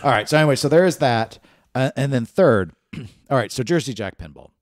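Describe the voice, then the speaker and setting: A man co-hosting a gaming podcast in casual chat, animated and playful, riffing and teasing his co-host. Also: medium pitch, no echo, clean studio sound. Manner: animated, playful, quick to riff and tease.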